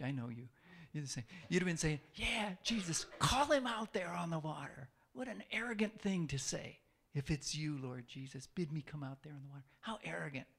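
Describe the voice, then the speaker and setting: A man's voice: a little high, gravelly, fairly bright tone. A man preaching a sermon in a conversational way, asking the listeners questions and repeating phrases for emphasis.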